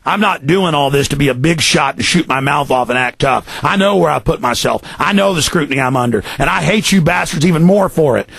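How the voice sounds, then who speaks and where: A man's voice: on the high side, a little fast, creaky, hardly any pauses, a bit bright, slightly rough, dry recording. A man hosting a talk radio show, ranting in fury, often mocking the people he attacks in put-on voices. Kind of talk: angry political radio rant.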